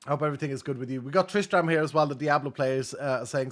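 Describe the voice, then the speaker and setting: A male streamer chatting casually and thanking viewers, his voice held back and subdued because an injured rib keeps him from pushing it. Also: fast. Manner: low-key, chatty, thanks viewers one after another. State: subdued, unable to push his voice from a cracked rib. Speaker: streamer reading out donations. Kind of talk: casual livestream chat.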